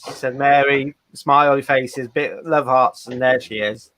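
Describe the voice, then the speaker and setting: A man's voice: medium pitch, steady tone, measured pace, fairly bright tone, no echo. A man hosting a live stream, chattily reading out viewer messages and laughing often. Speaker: host.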